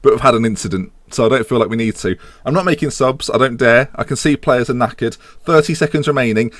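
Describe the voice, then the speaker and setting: An English man with an English accent giving casual, excitable commentary over a football management game, humming tunes and bursting into loud reactions. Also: medium pitch, quick pace, dry recording. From England. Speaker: gaming YouTuber.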